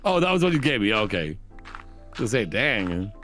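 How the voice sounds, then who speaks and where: A man's voice: on the low side, very animated, normal speed, sharp tone, faint music behind. A man playing a game with a friend, chatting casually, asking questions and teasing. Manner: wondering, teasing. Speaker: guest co-player. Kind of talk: casual gaming chat.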